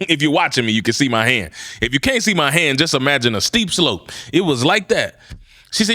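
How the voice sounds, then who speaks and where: Lively, animated male podcast storyteller. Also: fairly high pitch, moderate pace, dry recording, studio quality. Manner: theatrical, playful, acts out his reactions. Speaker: podcast host. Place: studio with a table.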